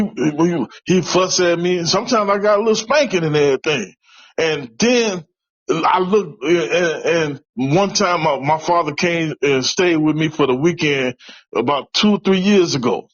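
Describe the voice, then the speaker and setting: In a dull, echo-free recording, a middle-aged Chicago man with a slightly high voice talks at normal speed. The interviewee, a tradesman from the city's West Side, shares a personal story earnestly but keeps starting over.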